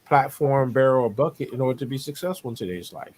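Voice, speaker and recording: A man's voice: medium pitch, lively intonation, fast talker, darkish tone, a little hiss or hum. Motivational man on a video call. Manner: preachy, motivational, repeats himself. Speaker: podcast co-host. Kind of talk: casual panel talk over video call.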